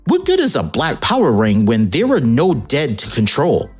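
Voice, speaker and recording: A woman's voice: extremely low pitch, huge pitch swings, normal speed, darkish tone, breathy edge, faint music behind, heavily acted. Woman doing a cool, proud ring-wielding villainess. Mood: dismissive. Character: proud, cool female villain with power rings.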